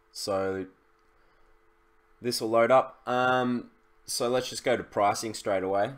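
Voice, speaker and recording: A man's voice: mid-range voice, steady tone, takes it slowly, pauses often. A young man, chatting casually through a screen-share tutorial, loose and full of fillers and restarts. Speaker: e-commerce YouTuber.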